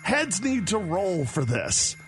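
A man's voice: high-pitched, slow pace, faint music behind. A man hosting a radio morning show, joking and ranting in casual banter. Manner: animated and joking, laughs often.

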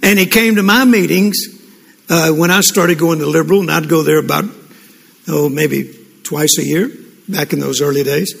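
An older man delivers a sermon in a high, husky, gravelly voice. He tells folksy stories and often restarts his sentences. The sound carries the long reverb of a large hall. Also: fairly even intonation, normal speed, fairly bright tone. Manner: folksy storytelling with repeated restarts. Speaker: pastor. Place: church. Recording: echoey hall with congregation responses.

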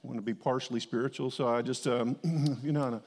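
A man's voice: mid-range voice, fairly even intonation, a little fast, darkish tone. A male pastor preaching a sermon, telling a story and rising to emphatic declarations. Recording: long hall reverb.

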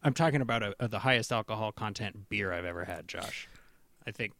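A man's voice: on the low side, a little fast, pushed and bright, no echo. A man hosting a casual podcast chat, laughing often and rambling through his points. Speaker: podcast host.

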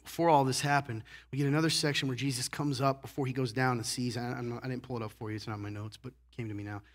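This pastor races through his sermon, his medium-pitched voice holding a fairly even intonation. Speaking to the congregation in a church sanctuary, he stays casual and conversational, repeatedly asking "right?" as he shifts from quiet asides to loud, emphatic moments.

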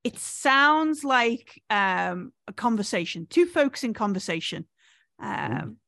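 A woman, narrating a tabletop game as game master, with many pauses and restarts. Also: mid-range voice, very animated, creaky, pushed and bright, no room sound, studio quality. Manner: hesitant, many fillers and restarts.

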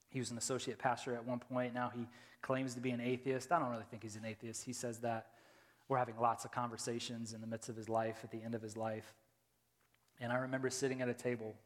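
A man preaching a sermon as a pastor, moving between hushed, intimate storytelling and loud, impassioned appeals, repeating lines for emphasis. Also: medium pitch. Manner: repetitive, rhetorical emphasis. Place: church sanctuary. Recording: long reverb of a large church hall.

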